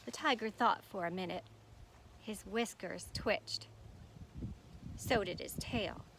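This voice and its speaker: A woman teacher reading a children's picture book aloud in an expressive, animated way. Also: medium pitch, slow pace, creaky, slight background noise.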